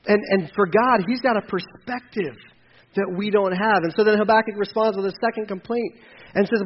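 A male pastor preaching a sermon in an animated way, acting out voices in quotes and sometimes dropping very soft. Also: sits high, a little fast. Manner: animated, acts out voices of God and people in quotes, then drops to soft near-whispers. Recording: dull lo-fi sound with faint noise.

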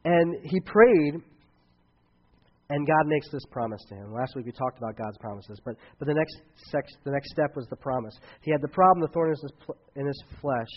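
A man preaching a sermon in a relaxed, chatty way, his voice sitting a little high for a man. He slips in offhand asides between points. The recording sounds a bit dull and lo-fi. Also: moderate pace. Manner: casual, conversational preaching with asides. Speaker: pastor.

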